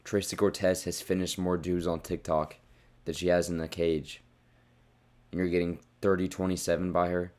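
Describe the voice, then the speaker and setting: A young man with a low voice tears through a casual fight recap, blunt and profane. He gets heated and loud at times, and his voice sounds a bit worn from shouting. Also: level tone, moderate pace. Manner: blunt, profane, worked-up rants. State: losing his voice. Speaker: fight reviewer.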